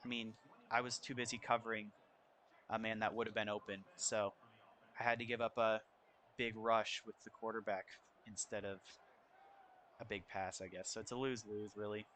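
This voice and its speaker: A man's voice: lowish voice, normal speed, slight background noise. A young man in his college years giving casual play-by-play commentary over his football video game, keeping his voice down at home. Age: young adult. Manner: casual, chatty, spikes with excitement on big plays. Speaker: gameplay commentator. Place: shared home, speaking quietly for roommates.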